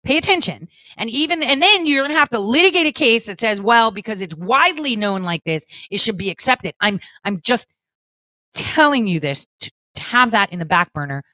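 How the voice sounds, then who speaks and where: A woman's voice: a little high, lively intonation, a little fast, pushed and bright, no room sound. A middle-aged woman hosting her own commentary show, talking straight to viewers in a blunt, profane, emphatic monologue full of "right?" tags. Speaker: political commentary show host.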